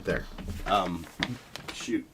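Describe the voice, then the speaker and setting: A man's voice: low voice, fairly even intonation, very slow, noisy background. A young man streaming a game, talking casually and rambling with many hesitations, sounding sick and tired. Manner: rambling, hesitant, self-deprecating. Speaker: gaming streamer.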